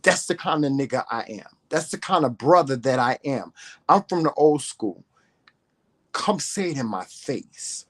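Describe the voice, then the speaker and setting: A man's voice: mid-range voice, expressive, a little slow, a bit bright. Profane, confrontational man ranting. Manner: profane, confrontational, emphatic repetition. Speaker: vlogger. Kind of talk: ranting storytelling to camera.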